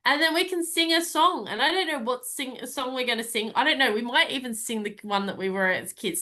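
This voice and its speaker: Woman, club meeting host, playful and jokey, fairly high voice, bright tone. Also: expressive, fairly quick, hardly any pauses. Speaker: Toastmaster of the day. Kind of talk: lively club meeting hosting.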